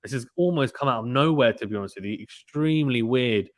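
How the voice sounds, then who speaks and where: A man doing casual live play-by-play tennis commentary, reading out chat messages in an excitable, slangy way. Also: mid-range voice, fast, dry recording. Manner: chatty, excitable, uses British slang.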